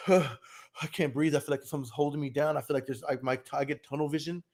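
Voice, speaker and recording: A man's voice: fairly high pitch, fairly even intonation, brisk, a little mellow. A man with a Texan accent hosting a podcast, chatting casually and animatedly, often stammering and repeating words. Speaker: podcast host. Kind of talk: casual chat.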